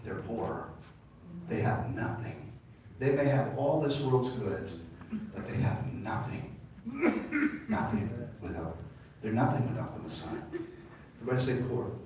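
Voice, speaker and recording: A man's voice: medium pitch, expressive, a little slow, a little mellow, a little hiss or hum. Male rabbi, sermon, call-and-response; roomy distant hall sound. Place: large congregation hall. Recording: echoey hall, mic far off.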